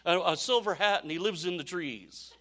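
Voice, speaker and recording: A man's voice: very high-pitched, fast talker, a bit bright, voice pushed up. A man voicing an eager little boy of four or five, insistent and pleading. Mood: excited.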